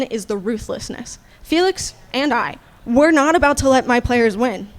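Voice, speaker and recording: A woman game master speaking on a convention panel in an animated, casual way, swearing freely. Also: a little high.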